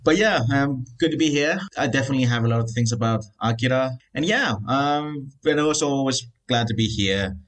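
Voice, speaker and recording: A man's voice: mid-range voice, a little fast, hardly any pauses. Wry, self-deprecating male podcast guest. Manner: wry and self-deprecating, with some hesitant ums. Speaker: podcast guest, film journalist. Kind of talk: casual podcast chat.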